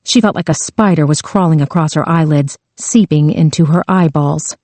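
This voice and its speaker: A woman narrating a thriller audiobook with a slow, tense delivery. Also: low-pitched, mellow, no room sound.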